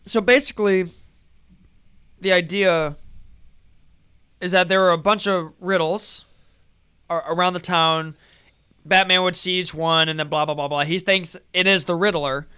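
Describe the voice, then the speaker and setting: A man's voice: high voice, fairly even intonation, a little slow, pauses often, sharp tone, clear, resonant tone. A man hosting a casual chat, eagerly rambling through a story. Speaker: host. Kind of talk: casual chat on a live stream.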